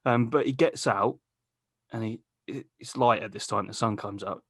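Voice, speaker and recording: Bloke rambling through a story on a podcast, lots of swearing, dry close sound. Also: male voice, fairly low pitch, normal speed, no echo. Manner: sweary, rambling, laughs mid-sentence. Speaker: podcast host. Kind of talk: casual storytelling chat.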